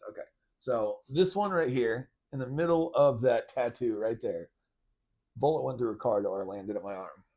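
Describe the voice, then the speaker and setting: This podcast host has a mid-range, slightly mellow voice and talks at an ordinary speed. His casual monologue commentary wanders and restarts often, and he turns blunt and mocking now and then, with the occasional curse.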